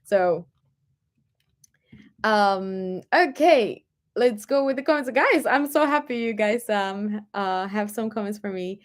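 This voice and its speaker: A young Polish woman speaks English with a light Polish accent in a mid-range voice, slowly and with lively intonation. In a casual chat, she talks with viewers and answers their comments, using many fillers. Her throat is dry and she coughs.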